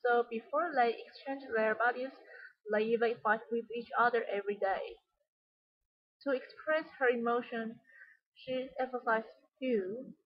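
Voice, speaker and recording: A young woman whose first language is Mandarin, giving a student presentation in English on stress and pauses in film dialogue. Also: fairly high pitch, steady tone, husky, lo-fi sound. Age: young adult. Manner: reads film lines aloud, then explains stress and pauses. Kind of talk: classroom presentation on movie speech.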